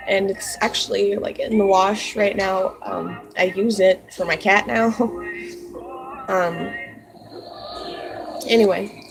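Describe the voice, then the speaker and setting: A woman's voice: medium pitch, steady tone, measured pace, over music, poor audio. A young woman telling a personal story about her pets in a casual, rambling way, full of "like" and "um", earnest and heartfelt. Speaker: vlogger.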